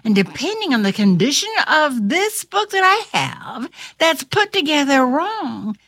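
A woman's voice: sits high, sing-song, a little slow, a bit bright, no echo, studio quality. A woman reading a children's storybook aloud with dramatic flair, dropping to whispers and rising to cries, then chatting about the book. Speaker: storybook reader. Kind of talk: expressive read-aloud storytelling.

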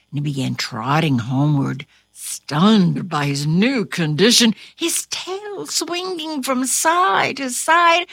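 Woman reading a storybook aloud, super animated, highish voice, dry close sound. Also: gravelly, no room sound. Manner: highly expressive, slow and dramatic.

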